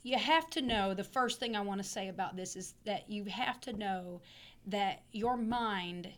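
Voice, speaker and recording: A woman pastor's voice is hoarse from laryngitis as she teaches on a podcast in a loose, chatty way, repeating words and clearing her throat. Her voice is mid-range and unhurried, and the talk is casual teaching chat.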